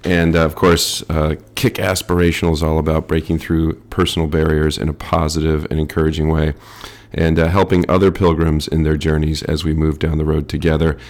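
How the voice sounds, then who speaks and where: A man in his fifties with an American accent, hosting a podcast interview in an easygoing, halting way. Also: rumbling low, flat delivery. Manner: hesitant, many fillers. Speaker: podcast host.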